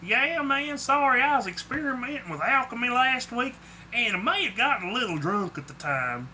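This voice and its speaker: A man voicing a sheepish male satyr with a thick Southern accent, raising his pitch. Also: sing-song, normal speed, bright, forceful tone, a little hiss or hum, exaggerated voice. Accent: American Southern.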